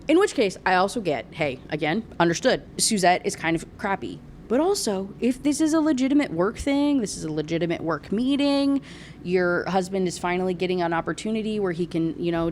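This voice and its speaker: A woman ranting about a book in a casual, sarcastic, animated way, laughing often. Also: mid-range voice, brisk, a little hiss or hum. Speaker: book reviewer.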